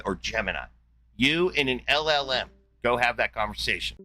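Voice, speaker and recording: A man's voice: medium pitch, lively intonation, normal speed, creaky, pushed and bright, dry recording. A man hosting a heated call-in debate, arguing combatively and hurling profane insults. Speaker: debate show host.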